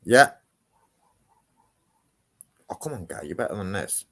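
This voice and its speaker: A man's voice: sits low, unhurried, very noisy. Brash, sweary Teesside man. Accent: Teesside English. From Northeast England. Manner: swears a lot, brash and animated. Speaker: livestream host. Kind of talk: casual live-stream chat. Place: house loft.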